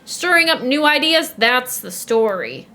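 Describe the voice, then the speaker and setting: A woman's voice: high-pitched, big pitch swings, measured pace, sharp tone, exaggerated voice. A woman voicing a pompous, domineering older male newspaper editor in a put-on accent. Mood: blustering.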